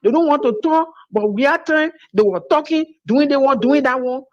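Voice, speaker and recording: A woman's voice: high-pitched, normal speed. A woman calling in to a radio show, emphatic and indignant. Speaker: caller. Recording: muffled phone line.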